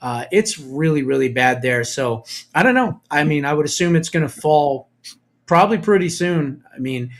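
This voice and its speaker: A man's voice: a little high, animated, normal speed. A man from New Jersey hosting a talk radio show, rambling with sarcastic, mocking jokes. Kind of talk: casual political talk radio banter.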